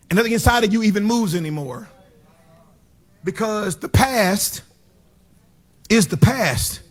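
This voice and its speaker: A middle-aged male pastor preaching in church, swinging between loud shouted praise and low, hushed storytelling. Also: expressive, a little slow, long pauses. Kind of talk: sermon. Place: church sanctuary.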